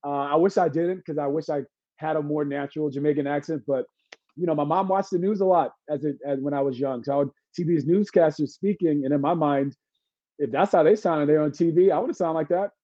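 A man from Brooklyn, a guest entertainer chatting on a podcast, telling animated stories with jokes and laughs. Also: a little high, brisk, no room sound. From Brooklyn, New York. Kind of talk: casual podcast chat. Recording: dry, slightly dull lo-fi sound.

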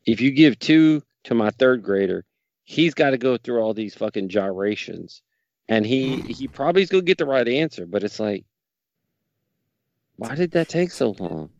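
A man's voice: mid-range voice, expressive, moderate pace, darkish tone, no room sound, highs cut off. A middle-aged man co-hosting a podcast, teasing his partners bluntly and swearing freely. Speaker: podcast co-host. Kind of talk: casual banter reviewing wrestling.

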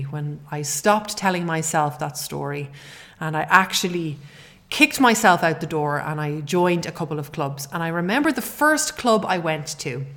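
A woman's voice: lowish voice, a bit bright. A middle-aged woman hosting a podcast, talking in an earnest, heartfelt way with frequent restarts. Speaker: podcast host. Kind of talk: personal podcast monologue.

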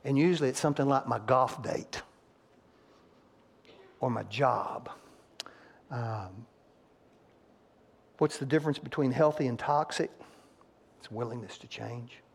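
A man's voice: mid-range voice, a little slow, vocal fry, pauses often, breathy edge. A male pastor preaching a sermon in a church and acting out quotes from couples to make his points. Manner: animated, acts out couples' quotes, rising loud on punchlines. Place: church sanctuary.

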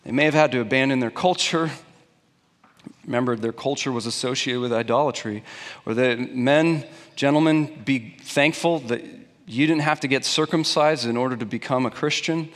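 A man's voice: medium pitch, normal speed, fairly bright tone, big-room sound. A young adult man preaching a conversational, emphatic sermon to a congregation, asking them questions. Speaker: pastor. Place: church sanctuary before a congregation.

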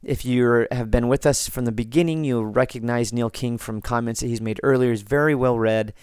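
Gravelly-voiced American man hosting a podcast. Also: medium pitch, no echo, clean studio sound. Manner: relaxed, rambling, frequent restarts and thanks. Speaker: podcast host. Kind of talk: casual podcast talk reading listener comments.

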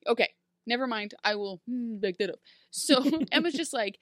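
A woman in casual chat recapping a TV show, animated and laughing often, acting out characters in quick mock voices. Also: fairly high pitch, no room sound, studio quality. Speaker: podcast co-host.

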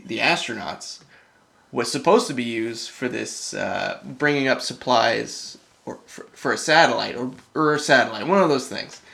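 A man's voice: mid-range voice, gravelly, a bit bright. A man, rambling loosely and swearing casually in a casual podcast chat.

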